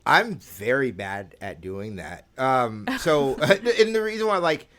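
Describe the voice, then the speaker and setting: A man talking over a TV episode with friends on a podcast. His pitch is middling, and he wanders through his thoughts, stopping and restarting with "um" and "like.". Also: sing-song, sharp tone. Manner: rambling, halting, many "um" and "like". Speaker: podcast co-host. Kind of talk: casual chat.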